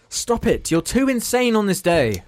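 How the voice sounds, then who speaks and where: Young guy hosting a podcast, jokey and sweary, voice bounces all over, bit of music under. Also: high voice. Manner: joking, swearing, often laughing. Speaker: podcast host. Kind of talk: casual banter podcast.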